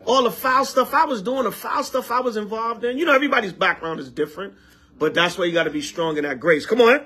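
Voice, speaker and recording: A man, an elder, preaching to a congregation in a casual, animated way, trading call-and-response with the group and repeating lines for emphasis. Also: sits high, fast, husky.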